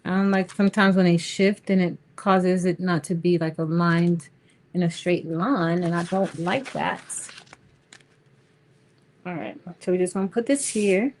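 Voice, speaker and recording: A woman's voice: lowish voice, measured pace, darkish tone. Give me a chatty woman telling stories to her viewers while crafting. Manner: chatty, storytelling, talks to viewers as y'all. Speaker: craft livestream host. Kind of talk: casual chat while crafting.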